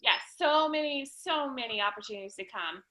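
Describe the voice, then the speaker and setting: Bright, high-voiced enthusiastic woman. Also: animated, fairly quick, rough recording. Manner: enthusiastic, full of filler ums and restarts. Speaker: direct sales team leader. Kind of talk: casual livestream team update.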